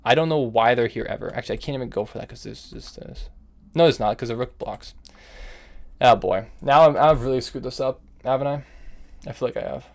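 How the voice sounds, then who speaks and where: A young man streams his online chess games live, thinking out loud and scolding himself in casual slang. He speaks fairly quickly at a medium pitch, with some vocal fry.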